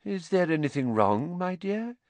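A man voicing an eccentric older female seer teacher with a soft, breathy, dreamy and coaxing way of talking. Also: high voice, sing-song, normal speed, no echo, pitched above the performer's own voice. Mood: dreamy, affronted.

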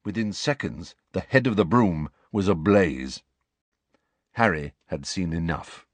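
A man's voice: sits low, unhurried, no room sound. A man narrating a storybook audiobook expressively and voicing every character himself. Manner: expressive, plays all characters.

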